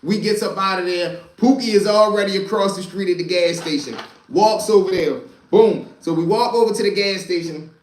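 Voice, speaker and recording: This storyteller and channel host has a high-pitched voice and talks at a normal pace, telling a live audience a rambling, foul-mouthed street story. His style is casual and loose, with frequent asides, and the recording carries a roomy echo.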